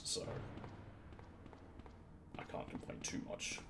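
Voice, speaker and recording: Lively, low-voiced man muttering through a game. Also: fairly quick, gravelly, slight background noise. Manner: muttering to himself, swearing, laughing, trailing off. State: shivering from the cold. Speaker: game streamer. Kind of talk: casual let's-play commentary.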